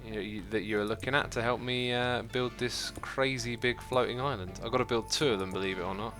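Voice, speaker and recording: A man's voice: mid-range voice, fairly even intonation, brisk, soft background music. A man casually chatting with viewers on a livestream as he plays, reading chat messages aloud and thinking aloud with frequent fillers and restarts.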